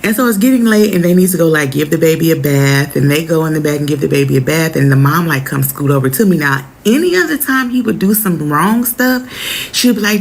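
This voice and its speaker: A woman telling a personal story in a casual, animated way, acting out the people she quotes. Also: lowish voice, brisk.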